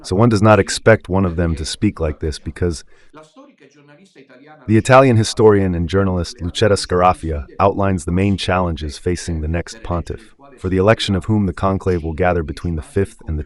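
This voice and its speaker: A man's voice: low voice, darkish tone. A man giving a rambling spoken commentary on Catholic radio, full of rhetorical questions.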